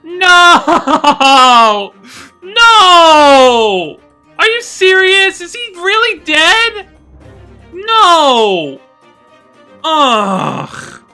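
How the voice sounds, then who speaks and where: Animated woman reacting to a game. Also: extremely high pitch, drawn-out words, soft background music. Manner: loud, emotional reactions. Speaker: let's play host. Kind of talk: let's play commentary.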